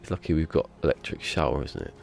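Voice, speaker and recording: A man's voice: rumbling low, quick pace, gravelly, darkish tone. A man streaming a game from a small room at home, sniffly with a cold, rambling and joking to himself in casual chatter. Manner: rambling, jokey self-talk.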